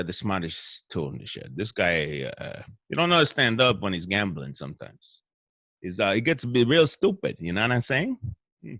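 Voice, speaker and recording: A man's voice: fairly low pitch, fairly bright tone, dry recording. A man with a Northeastern Pennsylvania accent, rambling through a profane comedic monologue in a hotel room. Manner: profane, meandering, restarts. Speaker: show host.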